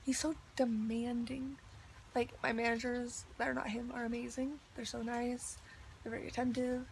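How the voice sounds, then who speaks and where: A woman's voice: on the high side, flat delivery, normal speed, a little hiss or hum. A young woman ranting in a video diary, chatty and exasperated, with lots of "like". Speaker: vlogger.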